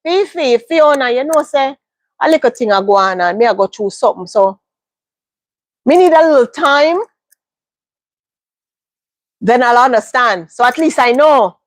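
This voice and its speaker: A woman with a high voice talks straight to her viewers in a casual monologue. She hammers home her points by repeating them. The sound is dry and close, with no room around it. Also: expressive, measured pace, long pauses, no echo. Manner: emphatic, repeats phrases for stress. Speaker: livestream host.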